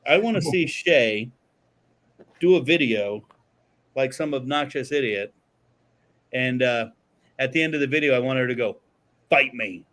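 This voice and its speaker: A man co-hosting a podcast in casual chat, joking and excitable, swearing freely. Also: medium pitch, moderate pace, long pauses. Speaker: podcast co-host. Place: podcast studio.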